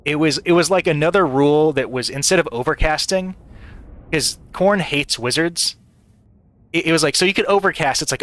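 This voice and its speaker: A man's voice: a little high, moderate pace, fairly bright tone. A man streaming live gameplay, talking casually and rambling with many restarts and frequent laughter. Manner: rambling, stammering, laughing often.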